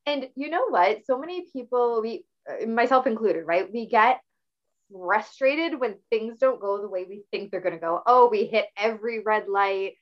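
A middle-aged woman hosting a casual talk show, telling stories in a chatty, animated way. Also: fairly high pitch, normal speed. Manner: chatty, animated storytelling with laughs. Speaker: podcast host. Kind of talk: casual conversational interview. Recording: slightly dull lo-fi audio.

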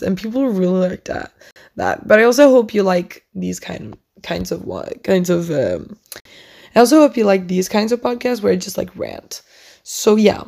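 A woman's voice: mid-range voice, gravelly, a little mellow. A young woman hosting her own podcast, rambling in a casual, chatty way and often saying "like" and "oh my God". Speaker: podcast host.

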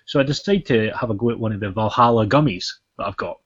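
Husky Scottish man telling stories. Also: fairly low pitch, quick pace. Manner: animated storyteller, lots of ums and restarts. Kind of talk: casual chat, storytelling. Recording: dull lo-fi podcast audio.

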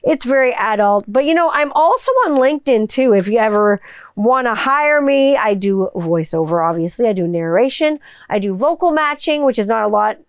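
A woman's voice: on the high side, expressive, moderate pace, clean tone, no echo. A middle-aged woman hosting her own podcast, rambling casually and swearing freely as she signs off. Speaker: podcast host. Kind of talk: casual podcast sign-off chat.

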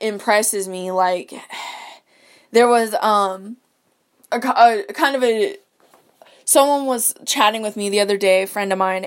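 A young woman in a casual, rambling rant, swearing often and full of fillers and restarts. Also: fairly high pitch. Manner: profane, rambling, many fillers.

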